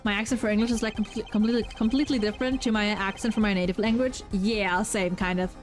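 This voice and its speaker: A woman's voice: mid-range voice, fairly even intonation, quick pace, few pauses, soft background music. A young woman with a German accent, German her native language, chatting casually over a game and swearing freely. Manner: swears freely, stammers on restarts. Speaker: streamer.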